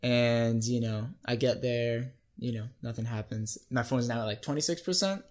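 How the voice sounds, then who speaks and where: A young man speaking as a guest on a podcast, in a mid-range voice at an everyday pitch. He tells his story in a loose, chatty way and keeps tacking "right?" onto his sentences. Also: moderate pace. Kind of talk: casual storytelling.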